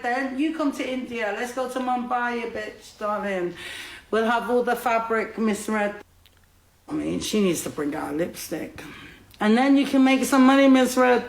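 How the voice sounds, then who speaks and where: High-voiced woman in a roomy space. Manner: loud, sings along, brash. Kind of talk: singing and ranting on a live stream.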